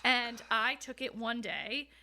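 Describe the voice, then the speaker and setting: A young woman talks openly as a podcast guest, her voice fairly high and bright. She tells hard personal stories in a frank, casual way, swearing freely and laughing at times. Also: slow, a little hiss or hum. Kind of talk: candid conversational storytelling.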